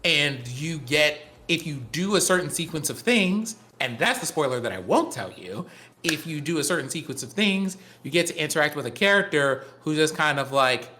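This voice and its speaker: A man's voice: a little high, lively intonation, moderate pace, pushed and bright. A man co-hosting a tech podcast in casual chat, explaining things at length with enthusiasm. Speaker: podcast co-host.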